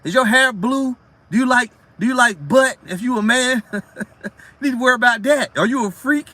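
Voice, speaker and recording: A man's voice: very high voice, bright, forceful tone, no echo. A man preaching in a casual, blunt way, reading scripture aloud and breaking into profane, streetwise commentary. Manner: reads verses aloud slowly between rants.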